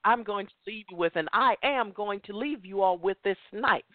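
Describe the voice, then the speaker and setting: A woman hosting a motivational talk show, speaking emphatically and repeating affirmations slowly. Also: medium pitch, no room sound. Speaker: host. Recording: tinny phone line.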